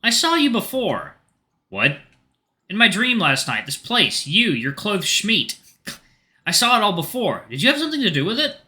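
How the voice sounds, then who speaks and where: A man voicing a flustered young male student character in a visual novel, high-pitched and cheeky. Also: wildly swooping pitch, normal speed, sharp tone, full character voice. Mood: startled.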